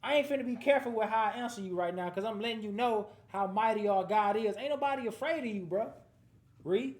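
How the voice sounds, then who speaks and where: A man's voice: high voice, quick pace. Slangy man teaching scripture, roomy echo. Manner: slangy, street-talk asides. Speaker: Bible class teacher. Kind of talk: lively scripture commentary. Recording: roomy echoing room.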